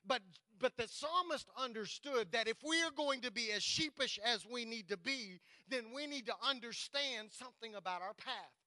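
A man, the church pastor, preaching a sermon, reading scripture slowly and with emphasis and talking straight to the congregation. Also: very high voice, lively intonation, bright, forceful tone, no echo, rough recording.

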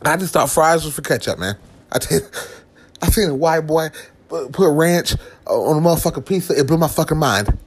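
A man's voice: a little high, animated, a little fast, slightly rough. A man ranting to the camera in a profane comic vlog, with lots of swearing, restarts and asides. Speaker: vlogger.

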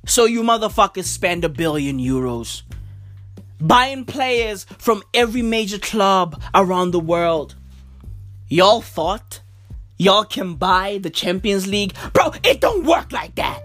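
A woman's voice: mid-range voice, slow pace, fairly bright tone, faint music behind. A woman hosting a podcast, ranting about football in a profane, stammering, overexcited way. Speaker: podcast host. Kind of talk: casual football rant.

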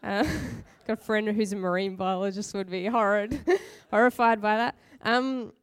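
A woman's voice: mid-range voice, steady tone, moderate pace, clear, resonant tone. Chatty, laughing woman preacher. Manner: chatty, laughs often, self-mocking. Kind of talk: conversational sermon with personal stories.

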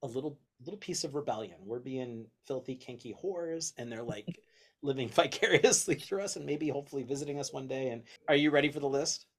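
A man hosting a casual podcast chat, excitable, swearing freely and reading out long lists. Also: medium pitch, fairly quick. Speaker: podcast host.

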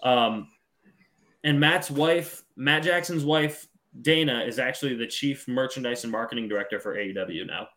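A man co-hosting a wrestling podcast, talking in a relaxed, rambling way with frequent ums. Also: mid-range voice, normal speed. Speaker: podcast co-host. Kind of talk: casual wrestling podcast chat.

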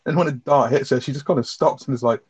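A man chatting fast and rambling about a film, swearing heavily and laughing. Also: medium pitch, darkish tone, breathy edge, no echo. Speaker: film review podcast co-host. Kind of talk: casual chat, reacting to a film.

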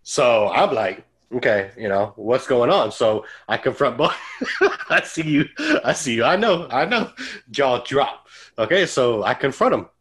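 A man's voice: medium pitch, measured pace. A man co-hosting a podcast, telling a personal story in casual chat and acting out the lines of the people in it. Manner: animated storyteller who acts out quoted dialogue. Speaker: podcast co-host.

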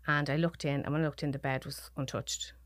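A middle-aged woman from Dublin with an Irish accent, a podcast guest recounting a personal story in a halting, emotional way. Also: deep voice, flat delivery, dry recording, clean studio sound. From Dublin, Ireland.

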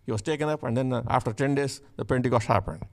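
A man's voice: medium pitch, fast talker. A male pastor preaching a fervent sermon, repeating key phrases for emphasis.

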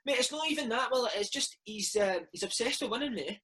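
A Scottish man in his thirties, a former footballer telling animated stories in a casual interview chat, dropping "mate" into every other line. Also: very high-pitched, brisk, rough recording. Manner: animated storytelling, peppered with "mate". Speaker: former footballer and podcast host, interview guest.

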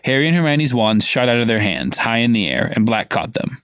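A man's voice: mid-range voice, big pitch swings, fairly quick, fairly bright tone, no echo. Man reading a novel aloud, dry sound. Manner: reads dramatically, acting out dialogue with raised voice. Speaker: podcast co-host reading aloud. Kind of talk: casual live read-aloud of a novel.

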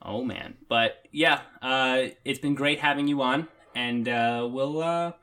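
A man's voice: medium pitch, slow, bright, forceful tone, clean tone. A man co-hosting a podcast in a laid-back, rambling way, often laughing. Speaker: podcast co-host. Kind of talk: casual podcast chat.

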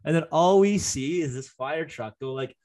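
A man's voice: on the high side, moderate pace, a little mellow. A young man in casual chat, telling a long story with lots of fillers and restarts. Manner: rambling, many fillers and restarts.

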